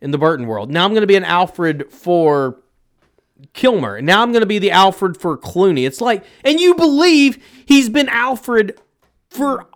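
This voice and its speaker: A man co-hosting a casual movie podcast. His pitch sits a little high and swings widely as he argues his points. His delivery is emphatic and opinionated. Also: expressive, moderate pace. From United States. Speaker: podcast co-host. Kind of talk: casual movie review chat.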